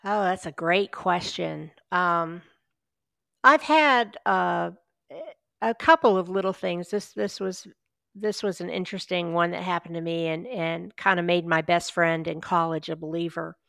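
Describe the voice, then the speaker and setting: A woman guest, a paranormal investigator, chatting in a relaxed interview and telling personal stories with easy laughs. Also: on the low side, a little slow, vocal fry, no room sound, studio quality. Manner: chatty, anecdotal storyteller who laughs along. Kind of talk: casual storytelling interview.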